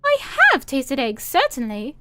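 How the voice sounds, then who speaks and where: A woman's voice: huge pitch swings, unhurried, bright, forceful tone, no echo, faint music behind, exaggerated voice. A woman doing a piping little girl. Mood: earnest. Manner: high, piping and indignant. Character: earnest, truthful little girl. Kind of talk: storybook reading for a live stream.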